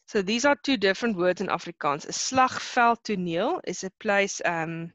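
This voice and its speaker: A woman teacher in an online lesson, explaining a poem slowly, with Afrikaans terms mixed in and many pauses and repeated words. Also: medium pitch, lively intonation, a bit bright, no room sound. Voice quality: frequent hesitations and repeated words.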